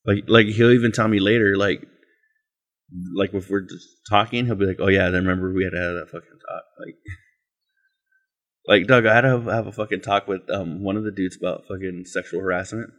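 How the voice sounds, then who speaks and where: A man's voice: low voice, fairly even intonation, a little fast, fairly bright tone. A young man from Arizona, a guest and friend of the show, chatting casually with lots of swearing and calling people dog. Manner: profane, laid-back, calls people dog. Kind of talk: casual chat.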